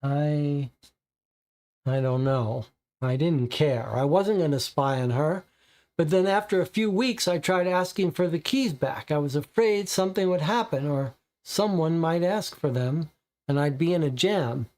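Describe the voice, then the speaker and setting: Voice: medium pitch, darkish tone, natural voice. A reader voicing a nervous, frightened teenage boy witness who stammers and stumbles over his words. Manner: halting, stammering.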